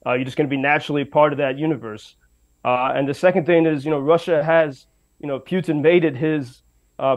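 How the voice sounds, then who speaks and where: A man's voice: fairly high pitch, low-quality recording. A man reporting by radio from western Ukraine, speaking unscripted with many fillers and restarts. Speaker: radio correspondent.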